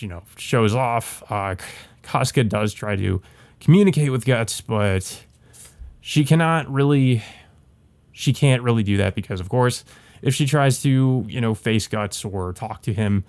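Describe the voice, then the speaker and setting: A young man with a lowish voice gives a casual review of a comic book. He rambles and hesitates, restarting his sentences often. The sound is close and dry, with no room around it. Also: a little mellow, no room sound. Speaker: channel host.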